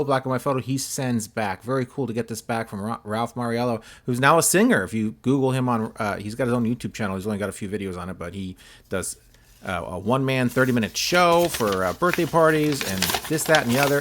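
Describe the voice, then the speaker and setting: A man's voice: mid-range voice, fairly bright tone. A man vlogging about his sports card mail, talking casually with lots of filler words and wry, self-deprecating humor. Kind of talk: casual chat while opening mail.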